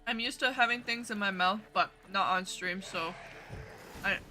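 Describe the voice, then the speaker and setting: Game music runs under a young woman's VTuber stream as she rambles, giggles, and addresses her chat casually. Her voice is medium-pitched and bright with a forceful tone, at a moderate pace.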